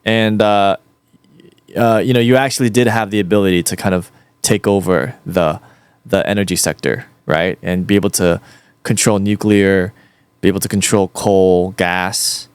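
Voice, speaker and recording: A streamer in casual chat, a man whose low, smooth voice sounds close and dry. He gropes for words, stacking fillers and restarting his sentences. The talk stays loose and unscripted. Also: steady tone, moderate pace, no echo. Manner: hesitant, full of fillers and restarts.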